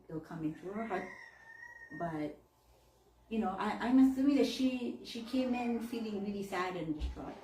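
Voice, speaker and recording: A woman minister tells a story in an animated way, laughing as she goes, with her pitch ranging widely. Her voice rings in a roomy church and sits some distance from the mic. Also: a little hiss or hum. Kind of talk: storytelling sermon.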